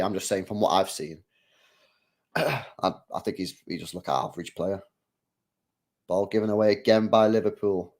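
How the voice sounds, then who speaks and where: A man hosting a live football watch-along, chatting casually in slang, reading out chat and reacting with excited outbursts when the play heats up. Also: sits low.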